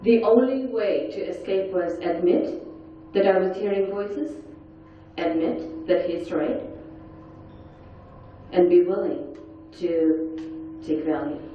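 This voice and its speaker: A woman's voice: lowish voice, slow, pauses often, faint music behind. A middle-aged woman giving an intense, earnest personal testimony at a forum session. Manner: earnest, intense storytelling with acted-out quotes. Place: large conference hall. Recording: echoey, distant, dull hall recording.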